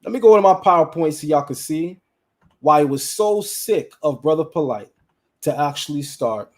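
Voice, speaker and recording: High-voiced man hosting a casual livestream. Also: moderate pace. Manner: animated, talks straight to chat and viewers, repeats lines for emphasis. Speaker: livestream host.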